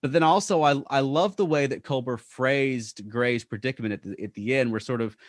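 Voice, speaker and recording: A man of middle pitch talks through his thoughts in a measured, reflective way. His voice is recorded dry and close. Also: dry recording. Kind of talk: casual chat.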